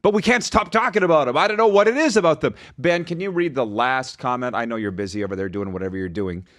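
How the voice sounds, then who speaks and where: A man co-hosting a casual sports podcast, chatting and telling stories in an animated way. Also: medium pitch, fast talker, dry recording, clean studio sound. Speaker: podcast co-host.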